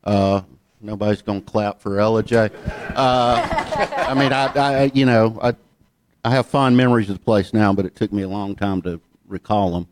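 A man from Georgia with a Southern accent, interviewing a guest in a relaxed, rambling storytelling way. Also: on the low side, moderate pace, background noise. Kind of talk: casual interview chat.

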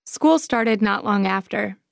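A woman from North Carolina reading her personal essay in a deliberate, reflective way. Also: medium pitch, animated, creaky, no room sound, studio quality.

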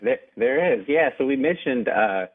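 A man's voice: medium pitch, animated, moderate pace, creaky. Young man on a tinny phone line. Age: young adult. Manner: eager, laughs often between anecdotes. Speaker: jazz pianist guest. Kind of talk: storytelling in a radio interview. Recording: narrow phone-line sound.

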